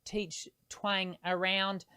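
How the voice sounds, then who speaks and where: A man hosting a live singing Q&A as a voice teacher, explaining technique patiently and pausing to demonstrate tones, with frequent hesitations between points. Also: high-pitched, flat delivery, bright, forceful tone, clear, resonant tone, no room sound, studio quality. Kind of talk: live-streamed Q&A.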